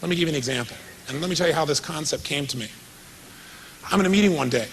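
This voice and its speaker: Energetic man addressing a seminar. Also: on the high side, rapid-fire, a little hiss or hum, rough recording. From California. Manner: energetic storytelling, quizzing the audience. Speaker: motivational speaker. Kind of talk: live seminar talk to an audience. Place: seminar hall with audience.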